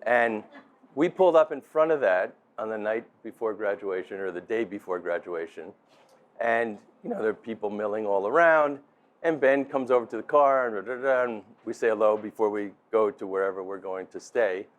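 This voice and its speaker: A man's voice: lowish voice, normal speed. A middle-aged man, father of the groom, telling a rambling, laughing story in a wedding toast. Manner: chatty storyteller, laughing, many restarts. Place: restaurant dinner.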